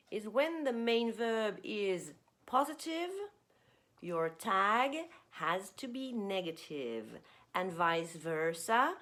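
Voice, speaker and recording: A woman teaching an online English grammar lesson, expressive and playing with intonation, often checking in with "okay?". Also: medium pitch.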